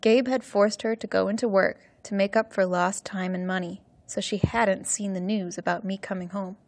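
A woman teacher reading a story aloud for English learners, slowly and carefully. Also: medium pitch, steady tone, no room sound.

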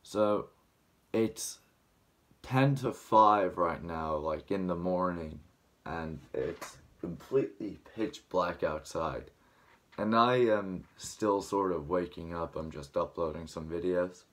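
Slow and deep-voiced, a young male vlogger talks to camera at home in the early morning, still waking up. His throat is dry, and he rambles casually, full of fillers.

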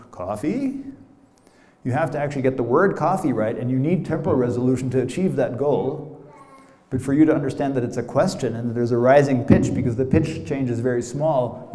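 A middle-aged American man lectures in a roomy hall, his voice mellow and dark. He talks loosely and playfully, dropping casual asides as he explains. The room gives his voice a clear echo. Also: medium pitch. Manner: conversational, many "you know" asides, playful. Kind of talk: academic lecture.

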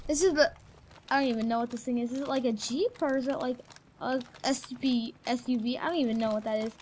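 A woman giving chatty, rambling commentary while playing a video game, breaking into excited yelps. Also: fairly high pitch, fast. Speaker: gaming commentator. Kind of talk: casual gameplay commentary. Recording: loud background noise.

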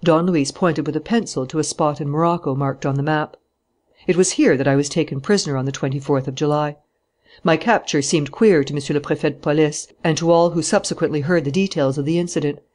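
A narrator giving a steady, measured reading of a classic novel, growing louder and higher in heated dialogue. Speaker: audiobook narrator. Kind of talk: scripted narration.

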